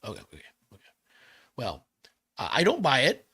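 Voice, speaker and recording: A man hosting a podcast, ranting in an animated, emphatic way with some swearing. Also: medium pitch, normal speed, slightly rough. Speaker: podcast host. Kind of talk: podcast rant.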